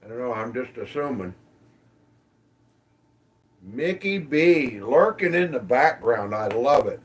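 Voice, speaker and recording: A man's voice: on the high side, a bit bright, distant mic. A man casually hosting a livestream from his phone, greeting viewers by name in an easygoing way. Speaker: livestream host. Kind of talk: casual livestream chat reading comments.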